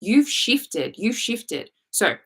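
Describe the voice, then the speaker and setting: A woman's voice: mid-range voice, big pitch swings, drawn-out words, fairly bright tone, husky. A woman coaching on a live stream, talking bluntly and sassily, swearing freely and acting out quoted inner thoughts. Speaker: manifestation coach.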